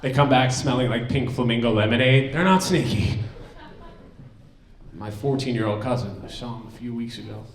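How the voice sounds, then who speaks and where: A young man from New Jersey doing a loud, animated stand-up comedy set in a banquet hall. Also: mid-range voice, normal speed, recorded from a distance. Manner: loud, animated, puts on silly accents. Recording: echoey hall, from off the mic.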